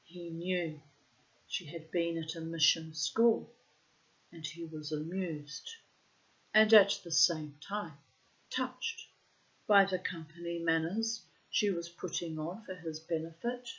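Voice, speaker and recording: A woman reading a short story aloud in a measured storytelling manner. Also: fairly low pitch, a bit bright, lo-fi sound. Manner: measured, unhurried storytelling with quoted dialogue. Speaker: reader. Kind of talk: audiobook narration of a short story.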